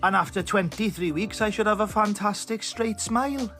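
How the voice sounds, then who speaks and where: A man with a South Welsh accent rants to camera in a sweary comic monologue, his voice sitting notably high for a man. He sounds exasperated and loud-mouthed, with faint music playing underneath. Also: normal speed. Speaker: comedy TikTok creator.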